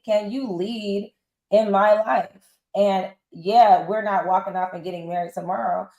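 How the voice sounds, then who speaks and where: A woman's voice: medium pitch, dull audio. A woman in her forties telling stories in a casual interview, acting out what others said. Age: 40s. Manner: animated storyteller acting out quotes. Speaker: interview guest. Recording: roomy echo.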